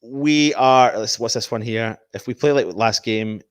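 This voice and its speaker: A man hosts a casual fan livestream, animatedly reading out viewer comments and offering match predictions. His mid-range voice is clear and resonant, a little slow, with studio-quality sound and no echo.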